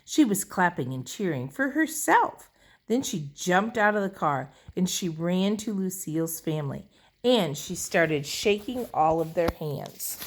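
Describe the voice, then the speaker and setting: Slow, expressive woman reading a storybook. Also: fairly low pitch. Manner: expressive, playful. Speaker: audiobook reader. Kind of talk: storybook narration.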